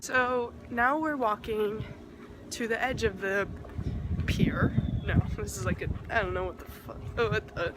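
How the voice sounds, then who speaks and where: A woman's voice: medium pitch, unhurried. A young woman chatting casually into her phone camera on a pier, giggly and often laughing. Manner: giggly, keeps breaking into laughter. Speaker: vlogger. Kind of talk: casual vlog chat. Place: outdoors on a pier by the water. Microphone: phone camera held by the speaker. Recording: outdoor phone recording with background noise.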